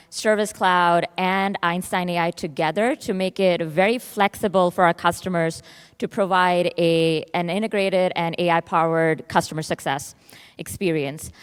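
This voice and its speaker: A woman's voice: fairly low pitch, clean tone. A woman product manager giving an upbeat, eager conference presentation. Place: large conference hall. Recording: long hall reverb.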